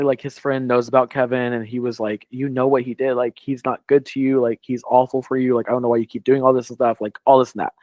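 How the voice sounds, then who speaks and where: A man's voice: mid-range voice, dry recording. A man co-hosting a podcast, telling a long story in casual chat, full of "like" and quoted dialogue. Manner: rambling, heavy on "like", quoting others. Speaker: podcast co-host.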